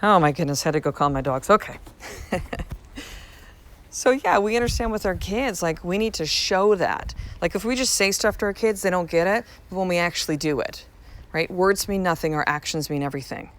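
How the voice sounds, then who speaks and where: Talking a little fast in a lowish voice, this thirty-something podcast host speaks frankly from home into her podcast mic. She swears casually and repeats points for emphasis in her casual motivational talk.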